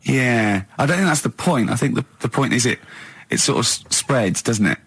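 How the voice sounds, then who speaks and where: Radio host, husky male voice, rambling and stammering, dry studio sound. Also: mid-range voice, expressive, moderate pace, a bit bright, no echo. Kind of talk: casual radio chat.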